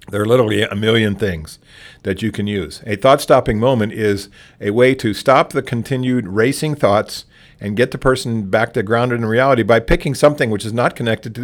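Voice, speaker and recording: Man, low voice, relaxed trainer delivering a practical workshop talk, plainspoken with frequent restarts. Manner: plainspoken, restarts often and acts out sample dialogue. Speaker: trainer on patron de-escalation.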